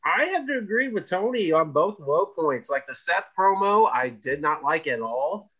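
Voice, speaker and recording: A man's voice: on the high side, animated, normal speed, a bit bright, slightly rough, dull audio. A man co-hosting a wrestling podcast in casual chat, easygoing and agreeable. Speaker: podcast co-host.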